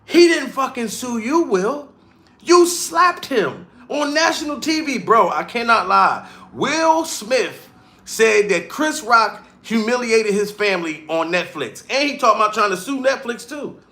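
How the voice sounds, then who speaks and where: Man ranting profanely, bright high voice. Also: sing-song, a little slow. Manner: profane, heated, mocking rant. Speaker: comedian streamer. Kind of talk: live-stream rant reading chat.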